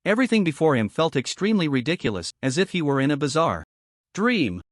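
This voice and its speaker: A man narrates a story recap in a fairly high voice that swoops up and down, keeping the telling lively. The sound is close and dry, with no room around it. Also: quick pace, no echo.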